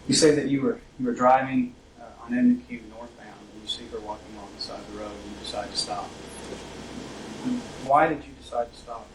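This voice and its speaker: A male police interrogator runs the interview in a formal, methodical way. The recording is roomy and echoey, with the mic set some distance away. A steady hiss of noise sits under the voice. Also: medium pitch, a little fast, gravelly. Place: interrogation room.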